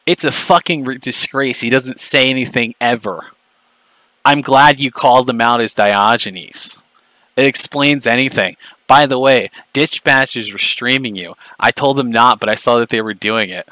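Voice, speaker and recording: A man's voice: medium pitch, pushed and bright, no echo, poor audio. A man ranting angrily on a livestream, profane, mocking and confrontational. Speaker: streamer. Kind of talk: angry livestream rant.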